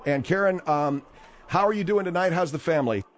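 A man's voice: a little high, a little fast. A man hosting a talk radio show, speaking in a blunt, conversational way.

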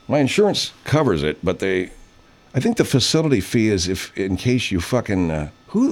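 A low-voiced man over fifty chats casually and rambles through a story. He swears freely, and his pitch swings widely as he acts out the people he quotes. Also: big pitch swings, moderate pace, darkish tone. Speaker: radio host. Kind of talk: casual off-air chat.

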